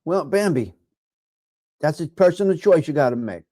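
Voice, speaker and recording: A middle-aged man with a New York accent hosting a casual live chat, giving blunt, profane tough love to viewers and swinging from low mutters to loud outbursts. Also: lively intonation, normal speed, dry recording, clean studio sound. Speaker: livestream host reading chat.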